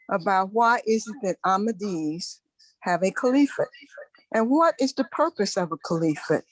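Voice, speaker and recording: A woman's voice: medium pitch, no room sound, low-quality recording. A woman from the audience politely asking a careful question.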